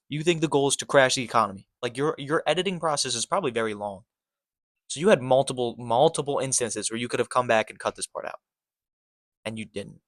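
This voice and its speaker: A man's voice: medium pitch, fairly bright tone, no room sound, studio quality. Exasperated profane male commentator. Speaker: political commentator reacting to clips. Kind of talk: reaction commentary.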